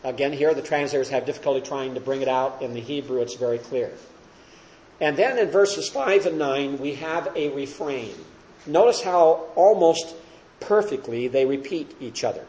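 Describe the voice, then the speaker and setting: A man leads a Bible study, walking his class through each verse and checking with them as he goes. His voice sits at an ordinary middle pitch. The room around him rings with a noticeable echo, like a classroom or church hall. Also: animated, normal speed, darkish tone. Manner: explanatory, asks class questions. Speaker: Bible teacher. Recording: roomy echo.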